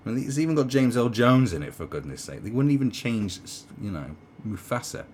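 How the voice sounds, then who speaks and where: A man's voice: mid-range voice, sing-song, a little fast, a little mellow, slight background noise. A middle-aged man with a British accent giving a sarcastic, rambling video commentary, swearing and restarting often. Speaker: commentary vlogger.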